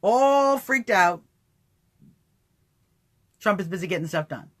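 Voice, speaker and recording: A woman with a mid-range voice takes her time through animated livestream political commentary, poking fun at opponents, putting on voices, and laughing at her own jests.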